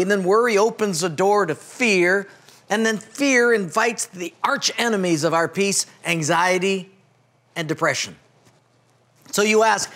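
A man's voice: sits high, fairly bright tone. A man preaching as a pastor, telling a humorous story and acting out its characters in a folksy way. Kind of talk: sermon with storytelling.

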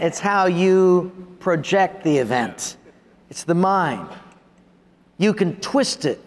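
Animated preacher man in a reverberant hall. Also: fairly high pitch. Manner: animated preaching, acting out prayers to God in a softer voice. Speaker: pastor. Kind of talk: sermon. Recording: long reverb of a large hall.

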